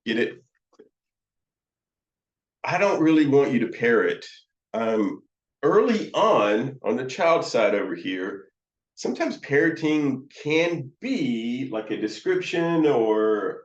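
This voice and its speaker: A man teaching counseling students, talking in a slow, halting way with many fillers and restarts. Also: mid-range voice, big pitch swings. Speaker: counseling supervisor. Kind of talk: teaching lecture with demonstrations. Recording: roomy, dull lo-fi sound.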